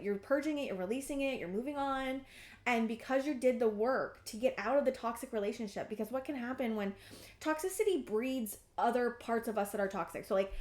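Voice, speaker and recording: Woman, 30s, tarot reader: gushing and effusive, somewhat high voice, roomy sound. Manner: excitable and effusive, lots of restarts and "I'm getting". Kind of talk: pick-a-card tarot reading to camera.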